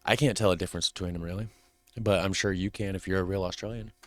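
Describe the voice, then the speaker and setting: A man's voice: deep voice, fairly even intonation, fast. An American man hosting a reaction video, making casual, rambling asides and asking questions. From United States.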